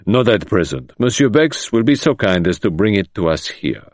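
A man's voice: fairly low pitch, big pitch swings, normal speed, dry recording, studio quality. A man reading an audiobook voices a stern, pompous older magistrate who speaks formally and sometimes turns sentimental.

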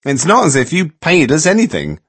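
A man's voice: fairly high pitch, wildly swooping pitch, brisk, a bit bright, slightly rough, no room sound, pitched above the performer's own voice, exaggerated voice. A man voicing a sulky, self-righteous young woman with a whine in her voice, in a storybook reading. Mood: whining.

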